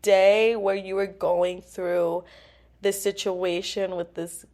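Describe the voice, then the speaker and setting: A young woman hosting a podcast, telling animated, laughing stories in casual chat and swearing freely. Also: mid-range voice, slow pace. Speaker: podcast host.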